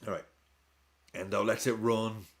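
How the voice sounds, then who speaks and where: Deep-voiced man chatting on stream. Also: unhurried. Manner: chatty, reacts to play and reads chat aloud; lively swings in pitch. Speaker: streamer hosting a football watch-along. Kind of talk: casual live-stream chat.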